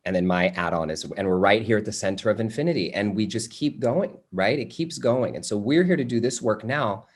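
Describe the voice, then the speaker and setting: A young adult man teaching a workshop, telling a family story in a loose, animated way with many fillers like "you know" and "like". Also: on the low side, fairly quick, hardly any pauses. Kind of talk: personal storytelling in a workshop talk.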